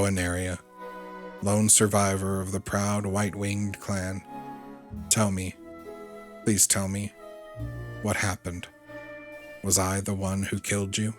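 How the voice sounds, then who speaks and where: A man with a very low voice reads a game's story text aloud for his playthrough. His delivery stays level and earnest, with the odd stumbled word and a brief aside, while faint music plays underneath. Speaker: let's play host.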